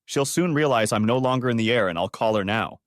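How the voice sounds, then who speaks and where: A man's voice: mid-range voice, fast talker, no room sound, studio quality, close to an everyday voice. A man voicing a furious betrayed husband. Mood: weary. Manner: angry, clipped, cursing.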